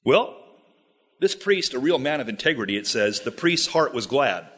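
A man's voice: mid-range voice, very animated, moderate pace, fairly bright tone, breathy edge. A man preaching through scripture verse by verse and paraphrasing it in wry, casual terms. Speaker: pastor. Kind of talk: expository sermon.

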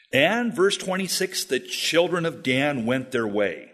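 A man's voice: medium pitch, big pitch swings, a little slow, a bit bright. A man preaching through scripture verse by verse and paraphrasing it in wry, casual terms. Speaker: pastor. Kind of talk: expository sermon.

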